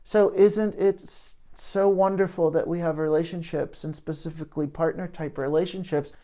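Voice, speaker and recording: A man's voice: a little high, fairly even intonation, normal speed, mellow. A man speaking as a therapist in an educational talk to camera, reflective and searching for his words as he goes.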